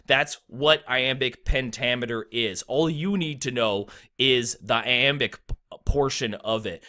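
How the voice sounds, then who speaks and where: Bright-voiced casual rap teacher, a man. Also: mid-range voice, measured pace. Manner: laid-back, enthusiastic, blunt, frequent ums. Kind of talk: casual explainer video.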